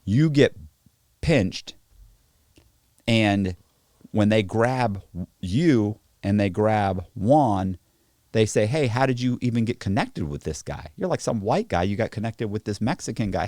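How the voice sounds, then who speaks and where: A man telling stories in casual podcast chat, profane and animated, acting out the people in them. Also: fairly low pitch, dry recording, clean studio sound. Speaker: podcast guest. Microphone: podcast studio mic.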